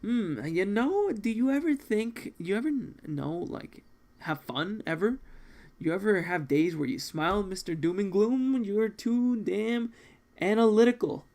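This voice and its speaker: A man voicing a brash, joking assassin in a manga read-along, talking in a loud, rowdy, teasing way. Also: high-pitched, lively intonation, a little slow.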